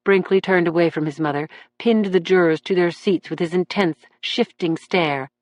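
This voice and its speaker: A woman narrating a crime thriller audiobook in a steady, even storytelling manner, read close to the mic. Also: fairly low pitch, normal speed, dry recording, highs cut off. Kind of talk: scripted narration.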